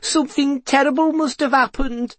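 A man's voice: fairly even intonation, normal speed, a bit bright, dry recording. A man voicing a frantic, fussy mother who wails shrilly over her missing child. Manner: wailing, shrill.

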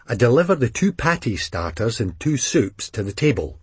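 A man's voice: medium pitch, big pitch swings, normal speed, breathy edge, dry recording. A man reading a novel aloud in the first person, wry and seething, swearing often. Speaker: audiobook reader.

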